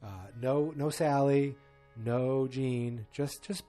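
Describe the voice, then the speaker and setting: A man's voice: medium pitch, steady tone, slow pace, warm tone, soft background music. A man hosting a podcast, recapping a TV episode in a rambling, chatty way and acting out the characters' lines. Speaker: podcast host.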